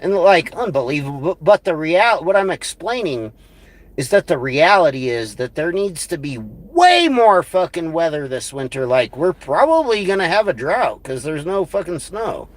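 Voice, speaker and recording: A man's voice: a little high, big pitch swings, moderate pace, dry recording. A man on a livestream, ranting crudely and scornfully in a rambling way. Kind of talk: profane livestream rant.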